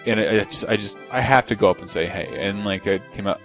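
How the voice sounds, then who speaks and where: A man's voice: lowish voice, quick pace, faint music behind. A man co-hosting a podcast, telling a rambling story in casual chat. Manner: rambling, animated, acts out drunk voices. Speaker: podcast co-host.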